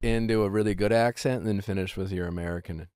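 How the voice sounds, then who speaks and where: A man's voice: fairly low pitch, steady tone, fast, a little mellow, smooth, no echo. A man hosting a podcast, reading ads and bantering with his co-hosts in a dry studio. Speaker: podcast host. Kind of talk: casual chat with ad reads.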